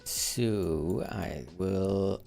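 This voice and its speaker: A gaming livestreamer gives casual live commentary as he plays, rambling, correcting himself and sometimes muttering to himself. His low-pitched voice is dark with vocal fry, he speaks very slowly, and faint music plays behind.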